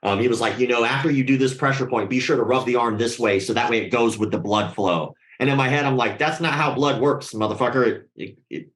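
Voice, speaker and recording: A man's voice: medium pitch, fast talker, few pauses, echoey room, a little hiss or hum. A man telling a story casually and with lots of swearing, acting out the voices of the people he quotes. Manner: animated, profane, acts out quoted voices.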